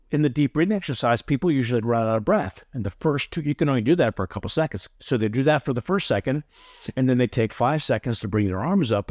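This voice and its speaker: A man gives a yoga breathing lesson in an earnest, emphatic way, repeating his key points for weight. His voice sits at a middle pitch. The sound is dry and close, with no room echo. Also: a little mellow. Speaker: yoga teacher. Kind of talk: instructional tutorial.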